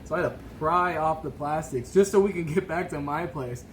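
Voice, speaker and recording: A man's voice: on the high side, a little fast, a little hiss or hum, poor audio. A man co-hosting a podcast, telling a drinking story in casual chat, swearing freely and laughing as he goes. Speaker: podcast co-host.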